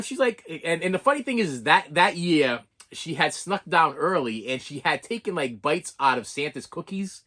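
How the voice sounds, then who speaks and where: A man's voice: fairly high pitch, lively intonation, normal speed, pushed and bright. A man chatting casually as a video host and collector, rambling and repeating his words. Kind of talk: casual chat.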